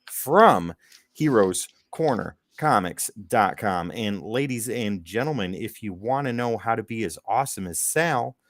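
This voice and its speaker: Teasing low-voiced male co-host. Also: animated, measured pace, no room sound, clean studio sound. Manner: teasing, jokey, reads sponsor plugs. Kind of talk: casual chat.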